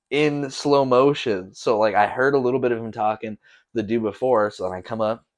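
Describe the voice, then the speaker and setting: A man's voice: mid-range voice, moderate pace. A young man hosting a casual solo podcast, rambling loosely with lots of slang and swearing. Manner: loose, profane, slangy storytelling. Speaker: podcast host.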